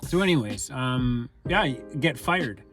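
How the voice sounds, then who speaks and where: A man's voice: mid-range voice, lively intonation, slow, fairly bright tone, faint music behind. A man talking casually and candidly in a rambling monologue, full of fillers and restarts. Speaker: channel host.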